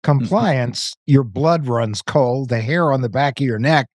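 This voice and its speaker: A man's voice: mid-range voice, unhurried, dry recording, studio quality. A man hosting a podcast interview, joking in wry asides. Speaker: podcast host. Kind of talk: conversational interview.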